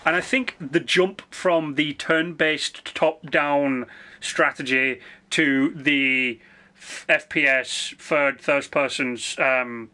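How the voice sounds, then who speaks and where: Bright-voiced swearing game streamer man. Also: on the high side, fairly even intonation. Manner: rambling, swears freely, quick asides. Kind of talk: casual live-stream chat.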